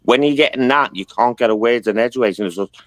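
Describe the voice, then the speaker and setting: A man's voice: mid-range voice, fast talker, no room sound. A man arguing hotly and bluntly on a live-stream panel, swearing often. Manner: angry, blunt and profane. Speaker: panel guest.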